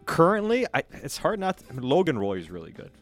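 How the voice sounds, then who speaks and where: A man co-hosting a podcast in casual chat, animated and halting, restarting his sentences. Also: a little high, soft background music. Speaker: podcast co-host.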